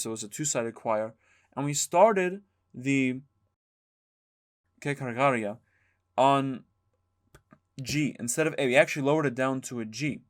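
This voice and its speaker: A man teaching a music lesson, explaining calmly and singing short chanted examples. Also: a little high. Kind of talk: spoken lesson with sung demonstrations.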